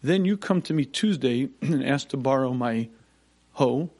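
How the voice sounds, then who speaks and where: A man giving a Torah lecture as a rabbi, clearing his throat often and repeating points for emphasis. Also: mid-range voice, animated, measured pace, darkish tone.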